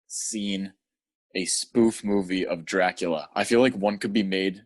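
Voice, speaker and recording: A man's voice: sits low, a little slow. A man co-hosting a podcast in casual chat, rambling with lots of fillers and acting out scenes in silly voices. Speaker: podcast co-host.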